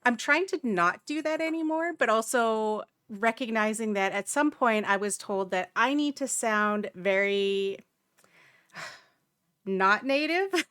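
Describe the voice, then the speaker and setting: Reflective woman, halting and dry. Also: fairly high pitch, clear, resonant tone, no room sound. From Canada. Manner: reflective, halting with many restarts. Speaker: streamer, panel guest. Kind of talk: casual panel discussion.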